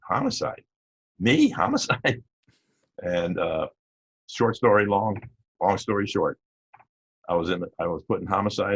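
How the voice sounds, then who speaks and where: An older man, a retired police captain, telling stories from his life in a rambling, halting way full of fillers and restarts. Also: sits low, gravelly, husky, dry recording. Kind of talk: casual storytelling interview. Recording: dull lo-fi audio.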